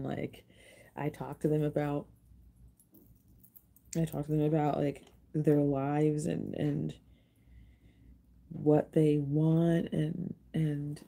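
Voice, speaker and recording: A woman with a low voice hosts a casual livestream. She talks in a rambling, emotional way and often restarts her sentences. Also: vocal fry, background noise. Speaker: livestream host and tarot reader.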